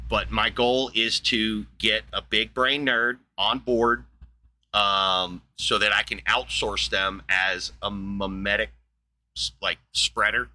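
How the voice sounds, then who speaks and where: A man hosting a livestream, ranting in a blunt, profane, excitable way, with a wheezy laugh. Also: on the low side, takes it slowly. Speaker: livestream host. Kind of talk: casual livestream rant.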